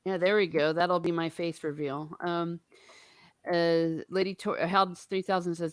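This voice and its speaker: A woman hosting a casual book discussion, chatty and animated, laughing often and swearing casually. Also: fairly low pitch, measured pace, no echo. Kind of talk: casual chat.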